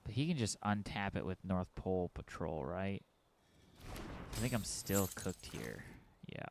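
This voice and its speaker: Low gravelly man streaming a card game. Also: animated, measured pace, background noise. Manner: chatty, talks to chat and mutters through his plays. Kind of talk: casual commentary while playing a card game.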